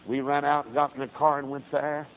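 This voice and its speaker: Preacher telling a story, tinny. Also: male voice, on the high side, flat delivery, fairly quick. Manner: folksy storytelling, rising to impassioned cries when quoting. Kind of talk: sermon illustration storytelling. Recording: tinny lo-fi line with faint hiss.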